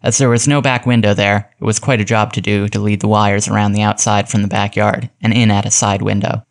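A man reading a classic detective story aloud in measured storytelling narration. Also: on the low side, level tone, vocal fry. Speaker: audiobook narrator. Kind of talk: scripted audiobook narration.

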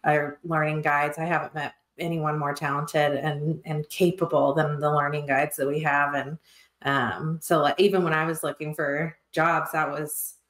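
A woman co-hosting a podcast, speaking in a casual, reflective way. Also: sits low. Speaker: podcast co-host. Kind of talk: casual chat. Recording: echoey room.

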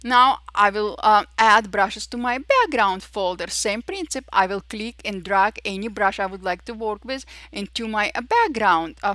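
A woman with a voice narrating a step-by-step software tutorial, pausing often with fillers. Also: medium pitch, no echo. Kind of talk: screen-recorded software tutorial.

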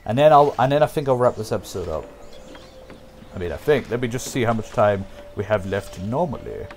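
A young man casually commenting on a strategy game as he plays, thinking aloud, humming and breaking into excited outbursts for viewers. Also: fairly low pitch, a little fast, slight background noise. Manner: talks to himself and viewers, hums, excitable outbursts. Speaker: gameplay commentator. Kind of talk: casual let's-play commentary.

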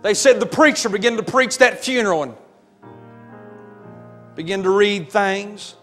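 A man preaching a sermon, telling a story dramatically and building to shouts. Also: sits high, measured pace. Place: church sanctuary. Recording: long hall reverb with faint music.

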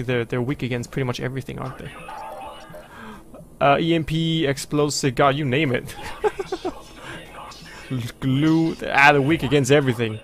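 This is a man commentating on a video game as he plays it. He gets excitable, mocks himself and yells and swears at the enemies, with a somewhat high-set voice and a faint hiss beneath. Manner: excitable, swearing, yelling at enemies, self-mocking. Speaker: gaming video host. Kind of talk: let's play commentary.

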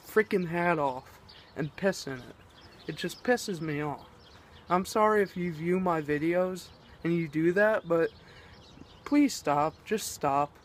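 A man's voice: on the high side, slight background noise. A teenage boy vlogging, rambling and exasperated as he rants, swearing often. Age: teens. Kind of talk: ranting vlog.

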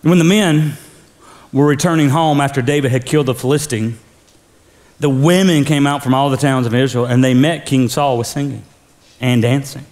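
In a church sanctuary, a male pastor with a mid-range voice preaches energetically at a normal speed. He calls on the congregation to repeat his words back to him.

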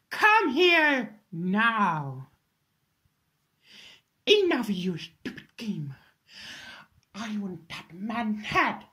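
A woman voicing an imperious, vengeful aristocratic vampire lady in a fan voice impression, talking slowly and theatrically, swinging between hissed whispers and shouts. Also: mid-range voice.

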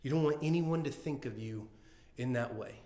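A pastor preaching a sermon in an earnest, conversational way, often restarting and acting out heartfelt quotes. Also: male voice, medium pitch, moderate pace, warm tone. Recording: echoey room.

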